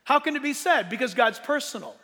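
A man preaching a sermon as a pastor, emphatic, asking rhetorical questions, with loud bursts of emphasis. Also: very high voice, lively intonation, fairly quick, in a large hall.

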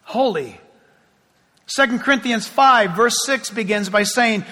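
A man preaches to his congregation in a high, clear voice, chatting through asides and acting out little scenes. His bright, forceful tone rings with the long echo of a large church hall. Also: moderate pace. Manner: lively, conversational preaching with asides and acted-out scenes. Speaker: pastor. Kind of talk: sermon. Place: church sanctuary before a congregation.

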